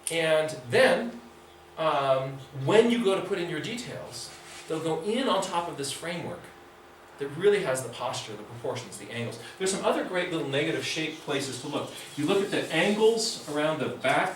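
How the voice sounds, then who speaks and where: A man teaching a nature drawing class in an enthusiastic, conversational way. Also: fairly high pitch. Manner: enthusiastic, conversational, acts out inner voices. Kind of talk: lively teaching talk. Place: club meeting room. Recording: echoey room, mic far off, faint hiss.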